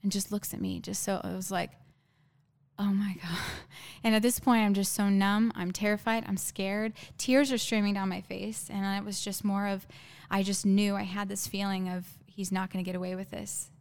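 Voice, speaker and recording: A woman guest telling a painful personal story in a halting, earnest way, with many fillers and restarts. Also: medium pitch, steady tone, vocal fry, smooth.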